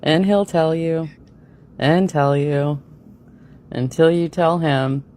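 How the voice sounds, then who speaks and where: A woman's voice: deep voice, slow pace, dark tone, a little hiss or hum. A woman reading a comic grown-up story aloud on a radio show, giggling and ad-libbing with curse words. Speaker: co-host.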